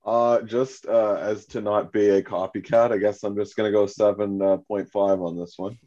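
A man co-hosting a casual beer review, speaking in a measured, slightly hesitant way. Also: on the low side, flat delivery, dark tone, dull audio. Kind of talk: casual chat.

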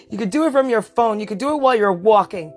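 A woman hosting a casual podcast from home, teasing and joking in a playful way and laughing often. Her voice sits at an ordinary middle pitch, with faint music playing behind her. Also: darkish tone. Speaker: podcast host. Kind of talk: casual chat. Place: at home, back porch.

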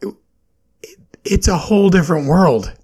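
A man's voice: high-pitched, moderate pace, darkish tone, husky. A man hosting a solo podcast, talking through his opinions in a questioning, rambling way with plenty of fillers. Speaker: podcast host.

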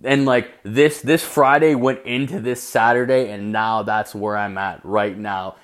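A man's voice: lowish voice, fairly even intonation, a little slow. A man telling a long story at home late at night, swearing constantly and acting out what people said to him. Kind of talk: rambling profane story rant.

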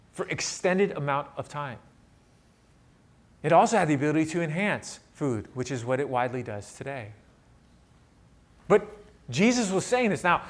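Male pastor, sermon delivery, slightly high voice, big dynamic swings from loud emphasis to hushed asides, asks the room questions. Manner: asks the audience rhetorical questions.

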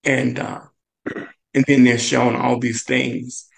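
A man telling a personal story in earnest, his voice carrying a gravelly edge. He pauses often on "and, uh" as he goes. His pitch leaps up when he quotes other people. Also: little pitch movement, low-quality recording. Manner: halting, many "and, uh" fillers. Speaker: guest chef.

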